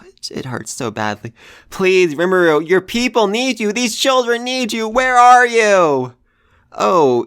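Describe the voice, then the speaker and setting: A man reviewing an anime episode, talking in an animated way that swings from hushed sighs to loud exclamations. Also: fairly high pitch, clear, resonant tone.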